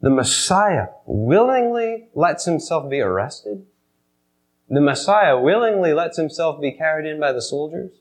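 Male pastor, higher voice, dramatic storyteller in the pulpit. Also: sing-song, a little slow, poor audio. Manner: dramatic retelling, swinging from loud emphasis to hushed. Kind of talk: sermon.

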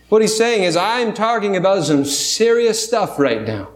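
A man's voice: high-pitched, sing-song, moderate pace, hardly any pauses, reverberant. A man preaching a sermon in a church, talking through scripture in a conversational way with restarts and rhetorical questions. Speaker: pastor. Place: church sanctuary.

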